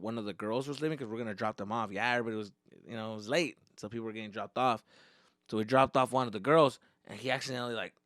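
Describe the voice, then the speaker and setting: Brash, bright-voiced comic. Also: male voice, medium pitch, no room sound, clean studio sound. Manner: profane, animated, switches into Spanish slang. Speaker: stand-up comedian. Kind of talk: stand-up storytelling. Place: comedy stage.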